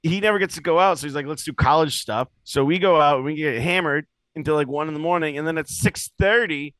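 A young man telling rambling, animated stories in casual podcast chat, swearing freely. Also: on the high side, fast talker, clear, resonant tone, no echo, low-quality recording. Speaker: podcast co-host.

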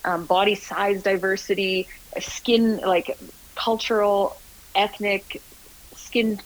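A woman speaks as a guest in a casual interview, telling stories earnestly and with real animation. She often restarts her sentences and fills gaps with little words. Her voice sits in a middle pitch and sounds like a radio broadcast. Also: slow pace, poor audio. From Canada. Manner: earnest, animated storytelling with many fillers. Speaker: guest, agency founder.

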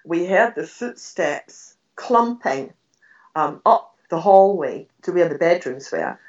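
An older woman on the low side in pitch recounts ghost stories during an interview, full of animation and frequent laughter as she acts out her own past words. The recording comes across dull and slightly distant.

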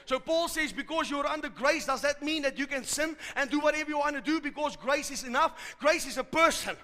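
A man preaching a fervent sermon to a live congregation, rising to shouts at its peaks. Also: very high-pitched, a little fast. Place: large church hall. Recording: hall reverb from a live service.

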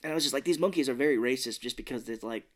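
An animated podcast co-host chatting casually about a film, often slipping into quick impressions of the characters. The voice sits at a middle pitch and keeps the talk loose and conversational. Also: a little hiss or hum. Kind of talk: casual movie review chat.

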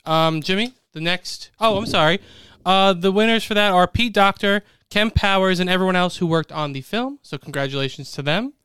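A man's voice: high-pitched, normal speed, pushed and bright, slight background noise. A young man co-hosting a casual podcast, playful, laughing often as he reads out award nominees. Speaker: podcast co-host announcing awards.

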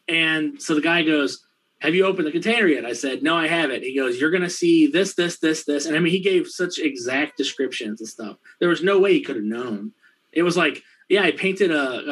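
A man telling a profane anecdote in casual chat, laughing often and acting out the other people's lines in quick, rambling bursts. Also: medium pitch, fairly bright tone, rough recording. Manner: quick, rambling delivery with fillers. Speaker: storyteller in a conversation.

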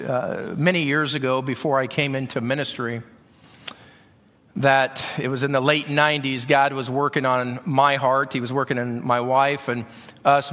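A man's voice: medium pitch, a bit bright. A middle-aged man preaching a sermon to his congregation, talking conversationally and often repeating words as he goes. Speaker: pastor. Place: church sanctuary. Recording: long reverb of a church hall.

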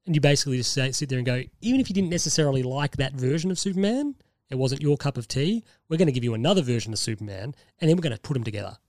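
A man hosting a podcast, chatting casually and pitching ideas enthusiastically in long rambling runs. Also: lively intonation, rapid-fire, a little mellow, dry recording, studio quality. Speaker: podcast host. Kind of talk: casual chat.

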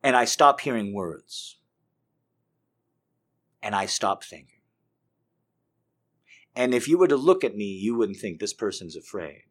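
A man giving an intense confessional monologue, swinging between hushed and loud. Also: on the low side, lively intonation, unhurried, pauses often.

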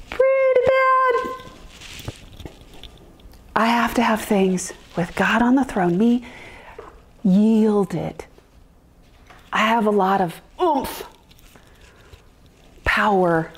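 A woman's voice: mid-range voice, breathy edge. A woman giving a candid personal testimony of faith to a class, blunt and frank, with laughter mixed into earnest talk.

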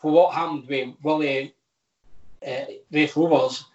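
Scottish footballer guy rambling on, kinda high voice, echoey muffled room. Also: fairly even intonation, unhurried. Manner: rambling, frank, with lots of restarts. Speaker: footballer guest. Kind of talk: casual podcast chat.

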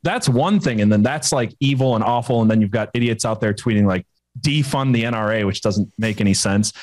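A man in a casual political chat, opinionated and quick to laugh. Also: fairly low pitch, darkish tone, dry recording. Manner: opinionated, laughs often, hesitant fillers and restarts.

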